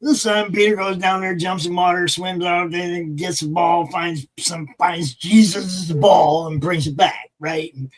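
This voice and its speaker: A man's voice: high-pitched, a little slow, few pauses, poor audio. A man co-hosting a live stream, telling jokes in casual chat and voicing the characters in them. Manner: animated storyteller, voices quoted characters.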